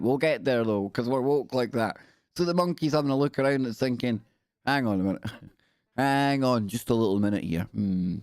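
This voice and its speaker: A man hosts a livestream and riffs on news stories in a joking, rambling way. His voice sits mid-pitch, and the sound is dry and close to the mic. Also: no echo. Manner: joking, rambling, animated asides. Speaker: livestream show host. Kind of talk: comic news commentary.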